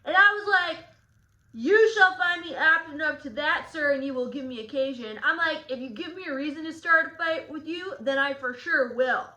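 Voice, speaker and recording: Here is a woman as Tybalt, a cocky and touchy young swordsman who guides a study lesson. The delivery is slangy and sarcastic, pitched high and bright. The sound is recorded in an echoey room. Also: normal speed. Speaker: teacher in character as Tybalt.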